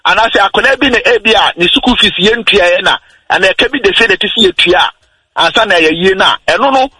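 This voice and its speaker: A man on a radio talk show, patiently explaining how wills and estates work, slowing down on his key points. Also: high voice, animated, pushed and bright, breathy edge, dry recording, poor audio. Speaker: legal explainer guest.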